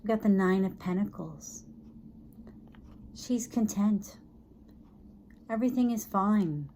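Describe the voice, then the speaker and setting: A woman giving a casual tarot reading, thinking aloud in a chatty, tired way, sometimes dropping low and soft. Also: takes it slowly, slight background noise. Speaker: tarot reader.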